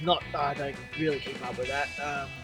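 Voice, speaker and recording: A man with an Australian accent playing a relaxed everyday working bloke, answering offhandedly in a skit. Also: mid-range voice, a little fast, over music, natural voice. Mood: easygoing.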